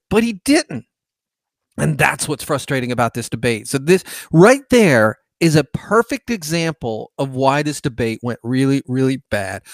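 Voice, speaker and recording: A man's voice: on the high side, no room sound, clean studio sound. A male podcast host giving frustrated, rambling political commentary.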